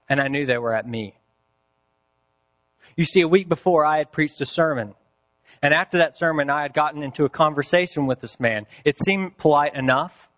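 A man preaching a sermon, telling a story with deliberate pacing and dramatic pauses. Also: a little high, fairly bright tone. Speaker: pastor.

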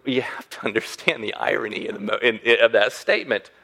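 A man preaching a sermon as a pastor, animated and acting out the voices he quotes. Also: mid-range voice, fast, gravelly.

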